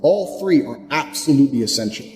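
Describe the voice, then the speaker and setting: A man giving a forceful motivational speech, blunt and profane, hammering each point with total conviction. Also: medium pitch, expressive, fairly quick. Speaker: motivational speaker. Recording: reverberant hall with background music. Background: music.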